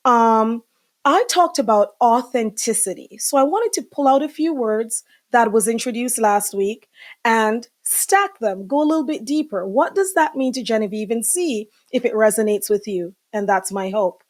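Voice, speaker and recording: A woman's voice: fairly high pitch, expressive, normal speed. A middle-aged woman hosting a live podcast, talking casually and chattily with many fillers and asides to her viewers. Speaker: podcast host.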